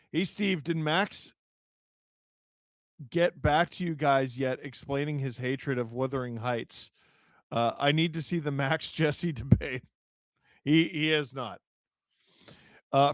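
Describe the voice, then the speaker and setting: A man, hosting a live hockey watch-along, calling the play and reading chat with jokes and shouts at big moments. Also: fairly high pitch, no echo, studio quality. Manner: excitable, shouts at big plays, jokey.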